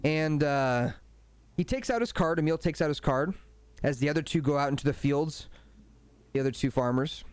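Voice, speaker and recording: A man narrating a tabletop game as game master, relaxed and casual with frequent asides. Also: on the high side, normal speed, smooth, dry recording.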